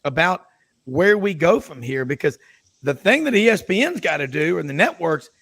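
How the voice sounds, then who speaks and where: A man's voice: a little high, very animated, normal speed, creaky, a bit bright, breathy edge. A man hosting a sports radio roundtable, talking in a rambling, jokey, storytelling way. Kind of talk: casual radio roundtable chat.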